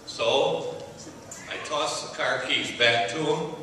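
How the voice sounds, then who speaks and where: An older man giving a speech at an awards ceremony, telling a story with gentle humor. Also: a little high, slow pace. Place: large hall at an awards banquet. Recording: echoey hall, distant mic, faint noise.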